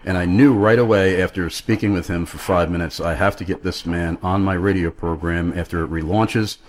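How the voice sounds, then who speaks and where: Guy hosting talk radio, real low voice, kinda rambly and earnest. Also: steady tone, moderate pace. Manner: earnest, rambling, with frequent fillers. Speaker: radio talk show host. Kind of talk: friendly talk radio chat.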